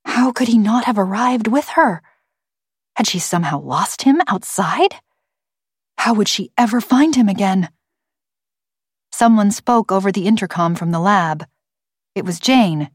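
A woman narrating an audiobook in a measured, even storytelling manner. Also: mid-range voice, husky, dry recording, studio quality. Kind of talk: scripted narration.

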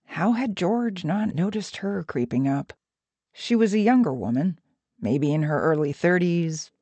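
A woman narrating an audiobook with an even, measured reading. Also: fairly low pitch, no echo.

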